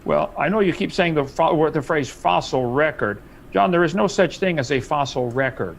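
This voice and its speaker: A man debating on a live stream, emphatic and insistent, his pitch jumping up when he presses a point and chuckling as he mocks the other side. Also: expressive, moderate pace, creaky, slight background noise, low-quality recording. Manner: chuckling, relishes mockery. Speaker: debate guest.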